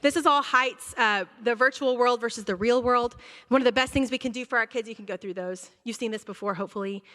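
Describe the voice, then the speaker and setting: A woman's voice: fairly high pitch, fast. A woman, a school counselor giving an earnest talk to parents at a church, telling stories from her own life. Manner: earnest, warm-hearted storytelling, addresses crowd as y'all. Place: large church hall. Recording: long hall reverb.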